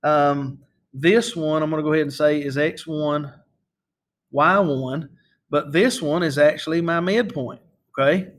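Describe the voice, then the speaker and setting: Patient male math teacher, slightly high voice. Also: fairly even intonation, unhurried. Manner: patient, step-by-step, often checks in with "okay?". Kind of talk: screen-recorded math lesson.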